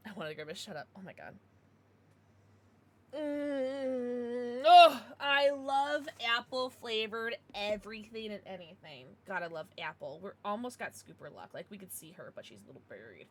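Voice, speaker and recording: A woman's voice: fairly low pitch, very animated, normal speed, slight background noise. A young American woman chatting casually on a livestream, giggly and bubbly as she greets viewers and reads out chat.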